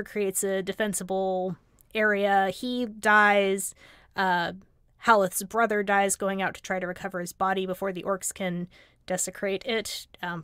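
A woman on a casual livestream, recounting fantasy lore in an animated storytelling manner with wry asides. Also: medium pitch, clear, resonant tone, dry recording, clean studio sound. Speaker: guest lore commentator.

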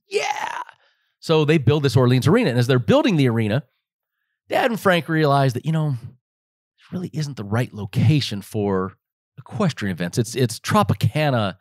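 A lively American man in his forties tells stories in an interview, joking along and slipping into his family's voices as he goes. His voice sits at an ordinary middle pitch, dry and close with no room around it. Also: moderate pace, dry recording. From Las Vegas, United States. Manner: animated, joking storyteller who acts out his family's voices. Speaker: guest. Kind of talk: casual interview storytelling.

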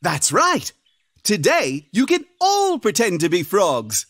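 A woman playing a friendly frog who teaches preschoolers a song, with a cheerful, encouraging manner, over loud guitar music. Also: mid-range voice, huge pitch swings, slow pace, full character voice. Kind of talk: preschool sing-along teaching.

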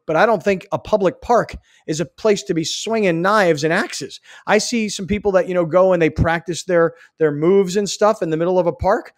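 Man, radio co-host, joking, acts out street talk, high voice. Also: normal speed, few pauses, no echo, studio quality. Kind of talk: sports radio banter.

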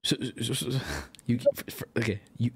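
A man streaming live, reacting to videos with loud, profane mock-rage rants broken up by mumbled asides. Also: medium pitch, fairly quick, creaky, slightly rough. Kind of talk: casual live-stream commentary.

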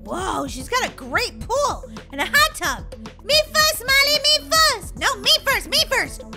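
A woman's voice: very high voice, big pitch swings, unhurried, voice pushed up, exaggerated voice. A woman voicing a cheerful, curious young girl who exclaims in delight, in a game role-play video. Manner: perky, exclamatory, giggly. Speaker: channel's game video narrator and voice actor. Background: children's background music.

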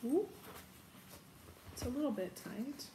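A woman with a slightly high voice talks her way through packing a bag, chatty and thinking aloud as she goes. The room sounds roomy and echoey, with a faint hiss behind her. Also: sing-song, slow pace. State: has the hiccups. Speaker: vlogger. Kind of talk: casual show-and-tell.

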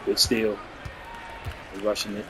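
A man casually commenting on his basketball video game, excitable and swearing, cheering his teammates on and laughing often. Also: on the low side, unhurried, a crowd in the background, background noise. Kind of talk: casual live gameplay commentary.

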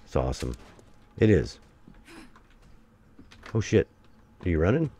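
A man giving excitable commentary while playing a survival game, taunting enemies and breaking into sudden loud outbursts. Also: low voice, unhurried, noisy background. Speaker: gameplay streamer. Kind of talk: let's play commentary.

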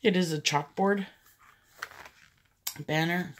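A woman's voice: on the low side, steady tone, slow, slight background noise. A woman chatting casually through a thrift haul, rambling into stories and laughing often. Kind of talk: casual haul vlog chat.

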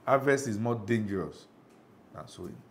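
A man's voice: lowish voice, expressive, moderate pace. A middle-aged Nigerian man preaching a sermon as pastor, emphatic, often asking the congregation if they follow.

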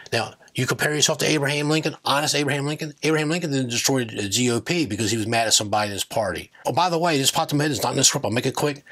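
A man's voice: medium pitch, a bit bright. A man hosting his own political commentary channel, talking in a combative, digressive rant that keeps circling back on itself. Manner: combative, digressive, self-correcting.

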